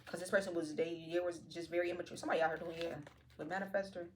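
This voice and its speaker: A woman's voice: lowish voice, level tone, rapid-fire, a little hiss or hum. A woman giving a casual tarot reading to her viewers, talking in a slangy, profane and playful way. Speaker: tarot card reader.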